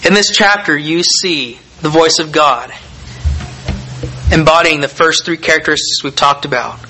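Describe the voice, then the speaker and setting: A man delivering a sermon in a bright, forceful voice pitched slightly high. He reads scripture and expounds on it with measured, deliberate phrasing and emphatic pauses, over a faint hiss in the background. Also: low-quality recording. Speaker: preacher.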